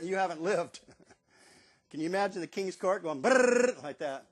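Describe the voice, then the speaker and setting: An older man in his seventies with a slightly high-pitched voice spins casual, animated stories. He jumps into the voices of the people he quotes and reminisces freely. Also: measured pace. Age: 70s. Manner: animated storyteller who acts out quotes in a raised voice. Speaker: stadium bugler. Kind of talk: casual storytelling monologue.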